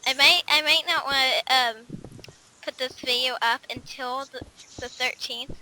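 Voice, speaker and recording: A woman's voice: high voice, measured pace, pushed and bright, a little hiss or hum, rough recording. A female let's-play host in casual gaming chat, chatty and giggly, rambling with lots of fillers.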